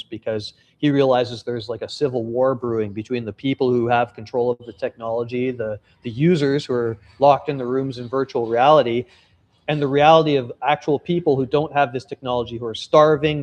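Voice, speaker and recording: A man's voice: medium pitch, darkish tone, dull audio. A man, a travel vlogger and novelist, talking candidly and casually to his viewers, telling stories and swearing now and then. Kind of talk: casual vlog update and storytelling.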